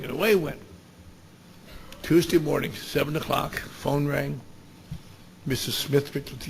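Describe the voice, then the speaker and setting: Man, gravelly, fairly high voice, blunt wry storyteller, salty language. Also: steady tone, a little slow, pauses often, slight background noise. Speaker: speaker at a recovery meeting. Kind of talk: storytelling talk.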